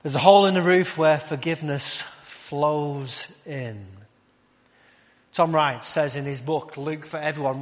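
A male preacher giving a conversational sermon, asking rhetorical questions and dropping to a quiet voice to stress points. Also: on the high side, measured pace. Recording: long hall reverb.

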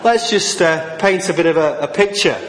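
A male Baptist minister gives a sermon in a church, pausing often on fillers and restarting his sentences. His voice sits a little high for a man. The sound rings with the long reverb of the hall. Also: slight background noise. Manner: hesitant with many fillers.

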